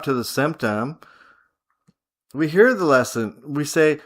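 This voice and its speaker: A man with a fairly high voice leads a spiritual visualization lesson. He speaks in slow, deliberate commands and repeats short phrases like a chant, in a steady, authoritative tone. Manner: slow, repetitive, chant-like incantations; commanding, measured instructions. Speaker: spiritual teacher. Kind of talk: guided visualization teaching.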